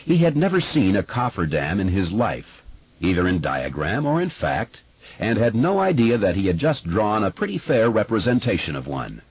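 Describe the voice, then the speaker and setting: A man narrating an audiobook in a measured, expressive way, recorded in a studio. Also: fairly low pitch, slightly rough, dry recording, highs cut off. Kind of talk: scripted narration.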